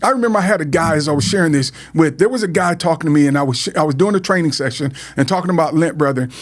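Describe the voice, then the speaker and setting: A middle-aged man talks in an earnest, heartfelt way, as a podcast host sharing his own story. His voice sits a little high for a man. He often stumbles, repeats words and restarts his sentences. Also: rapid-fire. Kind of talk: heartfelt personal talk.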